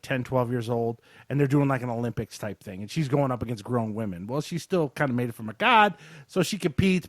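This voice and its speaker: A podcast co-host, male, retells a movie plot in a casual, lively way, doing exaggerated voices for the characters. His pitch is medium, and the recording is dry and studio-quality. It's a laid-back movie review chat.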